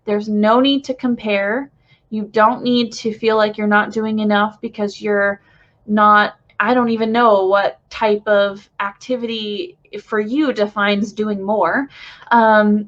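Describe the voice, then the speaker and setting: A young woman with a stuffy nose from crying, gently and reassuringly relaying a channeled spiritual message to viewers, rambling a little with fillers. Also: medium pitch, steady tone, takes it slowly. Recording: dull lo-fi home recording.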